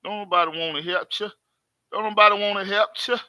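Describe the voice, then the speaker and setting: A man's voice: sits high, fairly even intonation, fast talker, pushed and bright, no room sound. A man hosting his own live stream, talking emphatically and repetitively in casual street talk to his viewers from home. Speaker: host.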